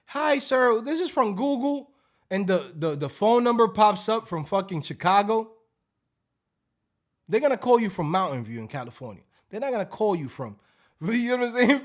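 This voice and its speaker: A man hosting a casual livestream, joking loudly and profanely and acting out scam calls. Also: fairly high pitch. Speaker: livestream host.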